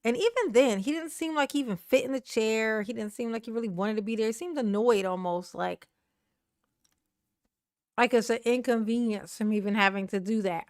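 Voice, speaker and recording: A woman's voice: fairly high pitch, normal speed, smooth, no room sound, studio quality. Chatty, slangy woman commenting. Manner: chatty and slangy, laughs often, talks back to the video. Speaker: online commentary host. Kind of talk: casual livestream commentary.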